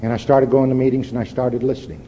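A man's voice: steady tone, quick pace, mellow. An older man speaking at a recovery meeting, giving a plain-spoken, wry and candid personal testimony. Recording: lo-fi echoey hall with faint rumble.

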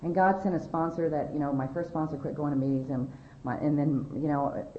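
A woman's voice: sits low, steady tone, brisk, slight background noise. A woman telling her recovery story at a meeting in a candid, self-mocking way, laughing often. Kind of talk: personal testimony talk. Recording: echoey, dull lo-fi room recording.

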